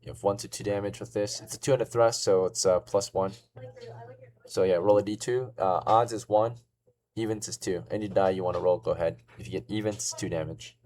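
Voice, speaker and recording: Male game master, low voice, casual filler-heavy narration, faint room hiss. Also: fairly even intonation, a little fast, darkish tone.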